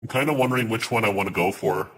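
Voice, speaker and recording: A man's voice: lowish voice, lively intonation, fast, fairly bright tone, slight background noise. A man chatting casually on a live stream, ranting in exasperation and swearing as he reads his chat aloud.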